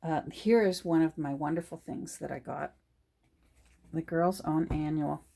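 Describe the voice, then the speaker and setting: With a low-pitched, warm, creaky voice that keeps a steady tone and a slightly slow pace, a middle-aged woman chats casually while working. She shows a book haul to her phone, restarting sentences and whispering while she shows the pages.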